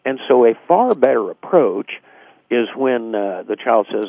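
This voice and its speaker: A man with a low, gravelly, husky voice talks reflectively as a radio guest, piling on fillers. He comes through a tinny, dry phone line. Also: very animated, normal speed, no room sound. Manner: reflective, acts out quoted dialogue, frequent fillers. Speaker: guest author. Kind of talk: casual radio interview explanation.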